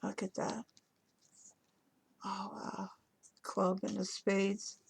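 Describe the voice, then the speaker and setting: Gushing woman with a gravelly voice. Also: mid-range voice, monotone, extremely slow. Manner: gushing, breathy exclamations of awe. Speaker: crafting vlogger. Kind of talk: casual unboxing chat to camera.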